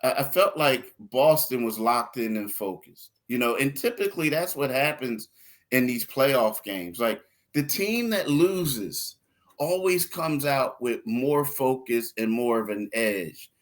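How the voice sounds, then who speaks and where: A man's voice: mid-range voice, lively intonation, measured pace. A man co-hosting a sports podcast, talking in a loose, rambling way with repeated words and some laughter. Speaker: podcast co-host. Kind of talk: casual sports podcast talk.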